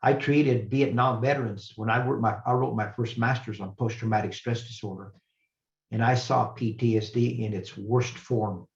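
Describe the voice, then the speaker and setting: An older man speaks as a guest lecturer, earnest and reflective, often pausing and restarting his sentences. His voice sits at an ordinary pitch. The recording sounds roomy and a little muffled. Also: fairly even intonation. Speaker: retired professor, guest speaker. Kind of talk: personal storytelling lecture.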